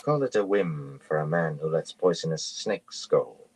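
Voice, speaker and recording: A man's voice: a bass voice, animated, unhurried, a little mellow, a little hiss or hum. A man reading a wry, cocky young male rogue in an audiobook. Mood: teasing.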